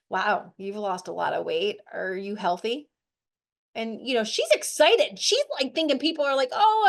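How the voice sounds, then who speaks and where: A middle-aged woman with a high voice leads a motivational group talk as the host of a weight-loss show. She speaks in an animated, chatty way, full of "like" and "right?" as she checks in with her listeners.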